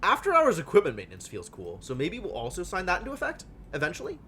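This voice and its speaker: A man streaming a strategy game live, thinking aloud with wry deadpan asides. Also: high voice, fast talker, a little hiss or hum. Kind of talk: live gameplay commentary.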